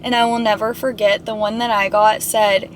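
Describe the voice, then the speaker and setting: A young woman talking casually and gently about self-help and spirituality, reflective and full of "like" fillers. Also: mid-range voice, level tone, normal speed, a little hiss or hum. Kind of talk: casual motivational talk.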